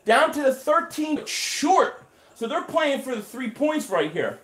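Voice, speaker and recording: Host, man, higher voice, energetic play-by-play on a live stream, chats with his viewers. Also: a little slow. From Philadelphia area. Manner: excited play-by-play calling, reading and answering chat. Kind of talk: live game reaction stream.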